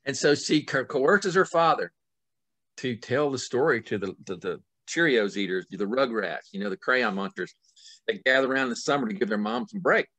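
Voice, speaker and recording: Dry-sounding man telling a lively story. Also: medium pitch, normal speed, no room sound. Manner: lively, acts out scenes with sudden loud and soft swings. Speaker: author guest. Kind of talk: animated storytelling in conversation.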